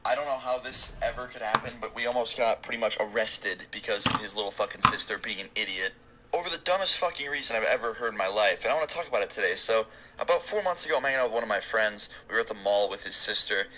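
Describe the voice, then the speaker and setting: A young man rattles through a story at high speed, cursing freely and cracking jokes as he goes. His voice sits at an ordinary middle pitch. Steady background noise runs under the recording. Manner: profane, rambling, joking. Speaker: storytime vlogger. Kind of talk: casual storytelling.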